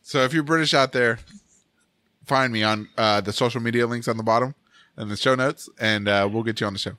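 A man's voice: medium pitch, fairly quick, pushed and bright, dry recording. A young man co-hosting a podcast, joking and laughing often, saying "dude" a lot. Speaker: podcast co-host. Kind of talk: casual banter. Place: Texas.

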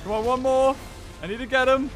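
A man hosting a gameplay video, with playful, excitable commentary, laughing and yelping at the action. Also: very high voice, brisk, soft background music. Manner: playful, laughs and yelps at the game. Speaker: gaming video host.

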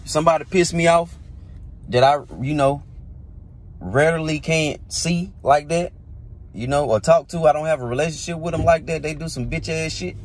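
A man's voice: fairly high pitch, normal speed. A man, a musician, giving a blunt, heavily profane motivational talk, hammering points home by repeating them. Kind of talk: casual motivational monologue.

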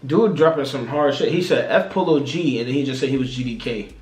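A man's voice: mid-range voice, fairly quick, darkish tone, roomy sound. A young adult man hosting a casual music reaction, chatty and playful, rambling with fillers.

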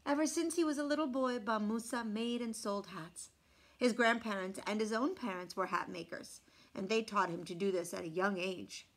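A woman reading a folk tale aloud from a picture book, expressive, dropping to hushed asides about the illustrations. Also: mid-range voice, normal speed. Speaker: storyteller.

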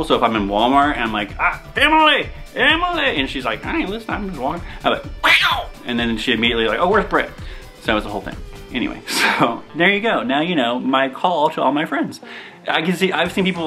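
Young guy rambling on camera, self-deprecating, kinda bright voice. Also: mid-range voice. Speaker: vlogger. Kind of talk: casual rambling vlog.

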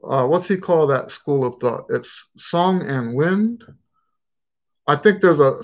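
An American man with a mixed, shifting regional accent, hosting a trumpet Q&A live stream in a rambling, casual way with many fillers. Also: fairly high pitch. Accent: mixed American, Texan and Western Pennsylvania touches. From United States.

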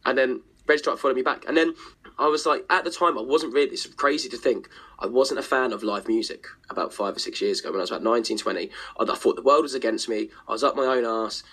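A man's voice: medium pitch, fast talker, pushed and bright, husky. A man, chatting as a podcast guest and musician, talking enthusiastically in long rambling runs and swearing freely. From Essex, England. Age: 20s. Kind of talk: casual chat.

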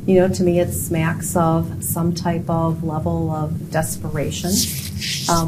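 A middle-aged woman with an Upper Midwest American accent, a judicial candidate answering an editorial board firmly and plainly. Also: deep voice. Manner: firm, emphatic denials, plainspoken. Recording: noisy room audio.

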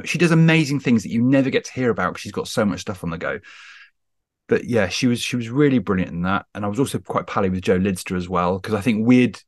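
A man with a fairly low voice tells stories as a podcast guest. He jumps around a lot and laughs at himself. The recording is dry and close. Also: no echo. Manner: animated, self-deprecating, full of quick restarts. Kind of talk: casual chat. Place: video call.

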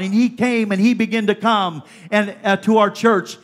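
Barely pausing, a woman speaks at medium pitch and normal speed as she preaches fervently at a Pentecostal church service. Again and again she exhorts the congregation with "come on."

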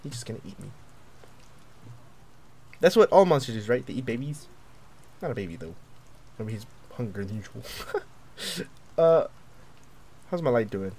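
A young man commentating a horror game as he plays, jumpy and excitable, yelping and taunting the monster. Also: mid-range voice, a little slow, long pauses, a little hiss or hum. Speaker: gaming video creator.

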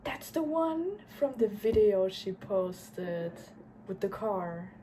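A woman's voice: mid-range voice, big pitch swings, slow pace, background noise. A woman chatting casually while reacting to an album, musing aloud and sometimes dropping to a whisper. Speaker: music reaction host.

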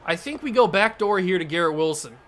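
High-voiced man commentating his own game. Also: a little fast. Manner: self-scolding, exasperated, then animated. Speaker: gaming YouTuber.

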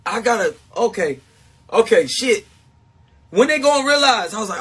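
A man livestreaming to his supporters, talking in a confessional, self-mocking way and swinging between shouting and hushed talk. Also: extremely high pitch, lively intonation, moderate pace, husky. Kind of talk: emotional livestream monologue.

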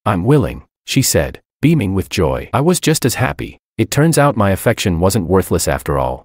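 A man narrates a first-person web story in a very low voice. His pitch swings widely as he reads. The sound is dry and close, with no room around it. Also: sing-song, moderate pace, darkish tone, no echo.

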